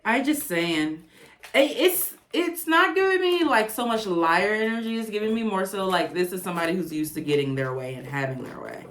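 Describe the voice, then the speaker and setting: A woman giving a casual tarot reading to camera, chatty and animated, with blunt, profane asides. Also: mid-range voice, a little fast, hardly any pauses, roomy sound. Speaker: tarot reader.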